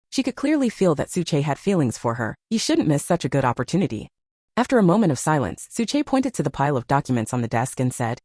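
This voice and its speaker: A woman's voice: fairly low pitch, big pitch swings, fast talker, darkish tone, no echo, clean studio sound. A woman narrating a romance novel in a scripted storytelling manner.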